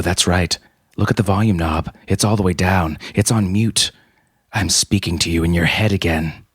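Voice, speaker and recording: A man's voice: low-pitched, slightly rough, no echo, studio quality. A man voice actor joking around between takes, playful and loose. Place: home recording space at night.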